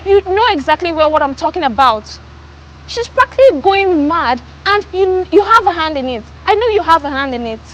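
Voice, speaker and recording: A woman's voice: very high voice, expressive, brisk, a bit bright, lo-fi sound, a little hiss or hum. An actress with a Nigerian accent playing a young student who pleads for help for her brother, talking earnestly. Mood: pleading. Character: young woman student, worried sister. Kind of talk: film drama acting.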